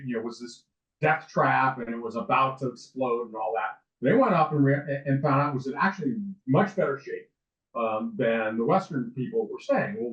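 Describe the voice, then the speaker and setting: A man in his sixties, a lawyer and interview guest, telling stories in a rambling way with many restarts and fillers. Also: mid-range voice. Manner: rambling, with frequent restarts and ums. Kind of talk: casual interview storytelling. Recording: distant, roomy, dull sound.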